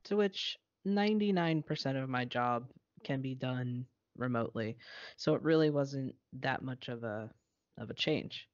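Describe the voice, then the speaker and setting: A man's voice: mid-range voice, unhurried, no echo. Blunt, sweary man on a call. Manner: blunt, sarcastic, swears freely. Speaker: podcast co-host. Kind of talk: casual chat. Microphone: internet call. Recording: muffled dry call recording.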